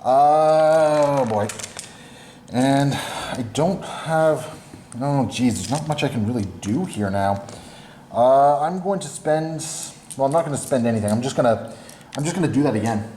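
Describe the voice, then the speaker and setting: With a mellow, medium-pitched voice and a slightly slow pace, a man hosts a tabletop battle report, describing his moves casually and with self-deprecating humor. Faint noise and echo fill the room.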